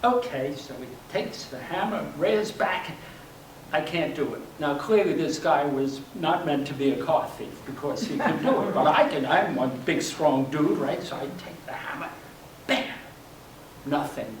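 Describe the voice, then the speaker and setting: Older male storyteller, wry and self-mocking, slightly high voice, recorded from across a roomy hall with faint hum. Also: lively intonation, measured pace, distant mic. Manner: wry, self-deprecating, laughs at his own punchlines. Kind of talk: personal story performed for a live audience. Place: library workshop room.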